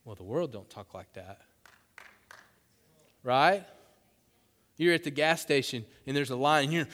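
Passionate pastor in a reverberant church. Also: male voice, medium pitch, expressive, a little slow, long pauses. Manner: passionate, rising to loud emphatic bursts. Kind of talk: sermon. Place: church sanctuary. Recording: long hall reverb.

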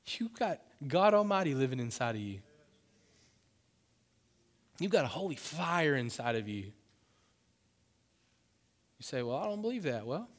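A man preaching a sermon to his church, passionate and swinging into loud, emphatic bursts. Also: fairly high pitch. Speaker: pastor. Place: church sanctuary. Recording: long hall reverb.

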